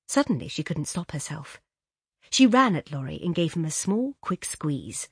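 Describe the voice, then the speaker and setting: A woman narrating a classic short story in an expressive, lilting way. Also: deep voice, moderate pace, slightly rough, no echo, studio quality. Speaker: audiobook narrator. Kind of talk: scripted narration.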